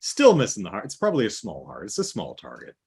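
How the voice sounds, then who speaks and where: A man's voice: on the low side, wildly swooping pitch, quick pace, gravelly, darkish tone, husky. A man co-hosting a casual movie talk show, recapping the plot with wry, dry asides. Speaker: podcast co-host.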